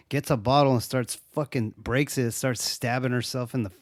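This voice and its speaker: A man's voice: medium pitch, fairly even intonation, normal speed, few pauses, no room sound, clean studio sound. A young man co-hosting a podcast, casually recapping a horror movie, swearing a lot and acting out the characters' lines. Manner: laid-back, swears a lot, acts out quotes. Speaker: podcast co-host.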